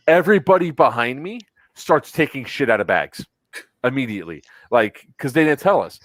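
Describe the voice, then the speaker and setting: A man hosting a casual podcast chat, telling a long story in an animated, exasperated and profane way. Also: mid-range voice, moderate pace, no echo. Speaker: podcast host.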